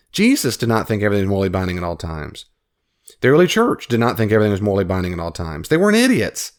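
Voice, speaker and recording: A man hosting his own podcast, giving an animated, argumentative commentary and often correcting himself mid-sentence. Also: medium pitch. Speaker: podcast host. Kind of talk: casual commentary.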